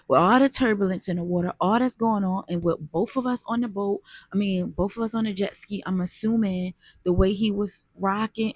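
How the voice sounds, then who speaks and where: A woman's voice: mid-range voice, a little mellow, no echo, studio quality. A woman telling a personal story in an earnest, conversational way, talking straight to her viewers. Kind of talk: casual storytime monologue.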